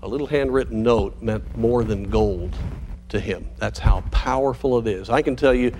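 A man preaching a sermon as a pastor, earnest and pastoral, slowing down to stress key points and speeding up through asides. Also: medium pitch, a little mellow, slight background noise. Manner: earnest, pastoral, shifts between slow emphasis and quick asides.

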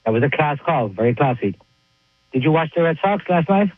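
A man's voice: fairly high pitch, expressive, brisk, no echo. Chatty male caller on a tinny phone line. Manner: chatty, eager questions.

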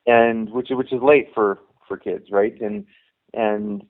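A man's voice: medium pitch, fairly even intonation, slow pace. A middle-aged man and youth hockey coach, telling rambling anecdotes in a casual interview and acting out the dialogue he quotes. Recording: tinny phone line.

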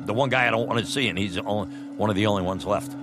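A middle-aged man telling a personal story, animated and laughing often, acting out what others said. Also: lowish voice, very fast, vocal fry. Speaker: storyteller, former batboy. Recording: music bed under voice.

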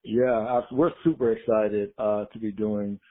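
Gospel choir director on a tinny line. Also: male voice, fairly low pitch, measured pace. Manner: relaxed, reflective, says "right?" often. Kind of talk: interview guest, conversational.

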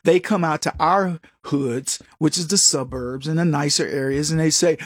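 A man's voice: a little high, expressive, unhurried, hardly any pauses, no room sound, studio quality. A man giving an opinionated, combative monologue as a commentator, who is from the United States and mocks other voices as he talks. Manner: emphatic, combative, mocking quoted voices.

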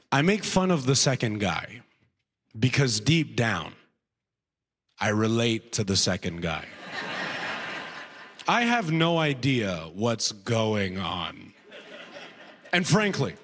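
A man's voice: mid-range voice, takes it slowly, pauses often. A man performing stand-up comedy, telling a story and checking in with "right?" often. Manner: animated, frequent rhetorical "right?".

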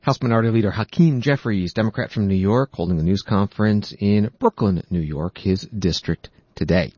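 Low-voiced male news anchor. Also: brisk, dark tone, dry recording, dull audio. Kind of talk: scripted news narration.

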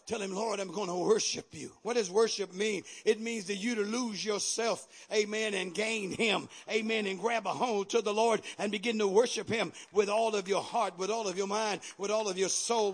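High-voiced fervent preaching man. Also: a bit bright. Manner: call-and-response preaching, rising to fervent exhortation. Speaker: pastor. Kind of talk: sermon.

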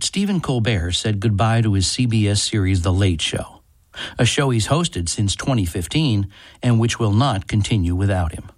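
A man hosting a radio program as a TV critic, reading a scripted segment in a measured, even way. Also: fairly low pitch, dry recording, studio quality. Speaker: TV critic and radio show host. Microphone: studio microphone.

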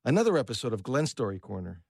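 Gravelly radio host, slow and halting. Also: male voice, mid-range voice, very animated. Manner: slow, halting, many "uh" fillers. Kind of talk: radio show hosting.

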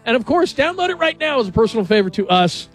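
A man's voice: very high voice, very animated, fast. A man hosting a radio show in casual, jokey chat and asking his co-hosts questions. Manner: chatty, jokey, asks the others questions.

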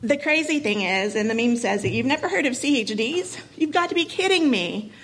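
Husky-voiced woman telling a painful story. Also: fairly high pitch, animated, fairly bright tone, rough recording. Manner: emotional, halting, many ums and you-knows. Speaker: speaker telling her story. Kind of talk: personal story told to an audience.

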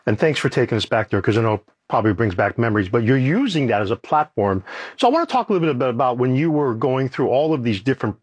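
A man hosting an interview, responding in a quick, conversational way. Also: medium pitch, animated, slightly rough. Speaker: host.

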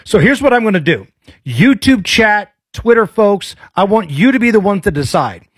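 A man's voice: high voice, sing-song, moderate pace, slightly rough, no echo. A male talk radio host, bantering playfully and slipping into a mock newscaster delivery.

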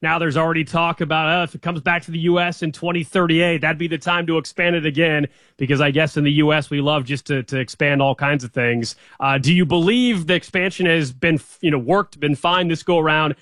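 A man co-hosts a sports chat with a slightly higher voice. He keeps his questions brisk and moves the talk along. The sound is dry and close, with no room echo. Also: steady tone, a bit bright.

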